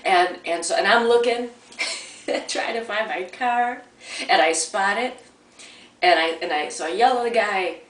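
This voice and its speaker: A woman tells a personal story in a loose, chatty way, circling back and restarting her sentences as she goes. She sits a little away from the mic, so her voice carries a roomy echo. Her pitch sits in the middle range for a woman. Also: measured pace, long pauses, a bit bright. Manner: chatty, rambling, with many restarts. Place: at home, near a coffee maker. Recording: roomy sound from a distant mic.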